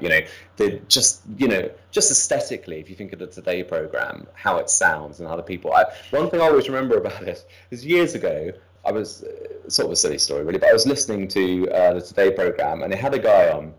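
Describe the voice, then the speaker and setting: A man with a standard southern English accent, a guest explaining his views in relaxed conversation, thoughtful and hedging with many fillers. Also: deep voice, poor audio. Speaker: guest commentator.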